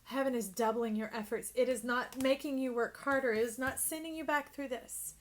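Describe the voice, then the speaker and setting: A woman giving an intuitive tarot reading, speaking effusively and emphatically straight to the listener, at times dropping into a hush. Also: high voice, steady tone, brisk, slight background noise. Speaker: tarot reader.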